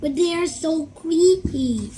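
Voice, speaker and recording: A woman voicing a friendly dad who chats with his young son, halting and restarting as she reads. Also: very high-pitched, warm tone, a little hiss or hum, pitched above the performer's own voice. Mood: cheerful. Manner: chatty, teasing, a bit squeamish.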